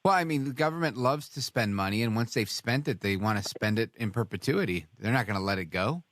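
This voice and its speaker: A man's voice: lowish voice, lively intonation, a little fast, fairly bright tone, dry recording, studio quality. Conversational male radio talk host. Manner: conversational, agreeing, chuckling along. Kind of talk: radio talk show interview.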